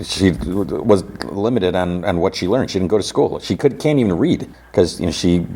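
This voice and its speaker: A man's voice: low-pitched, warm tone, breathy edge. A man hosting a podcast, casually recapping TV scenes in a rambling way and retelling them with "he's like.". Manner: rambling, paraphrases scenes with "he's like" and laughs at himself. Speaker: podcast host.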